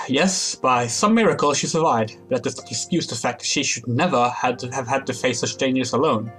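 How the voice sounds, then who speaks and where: A man's voice: mid-range voice, moderate pace, fairly bright tone, lightly acted. Man reading out a guilty young rogue, plain voice, game dialogue, faint music. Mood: remorseful. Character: remorseful young male rogue.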